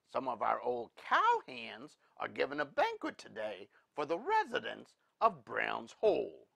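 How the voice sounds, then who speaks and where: A man's voice: mid-range voice, huge pitch swings, unhurried, vocal fry, pushed and bright, heavily acted. A man voicing a jovial Scottish storekeeper with a thick Scots brogue, greeting guests heartily. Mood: welcoming.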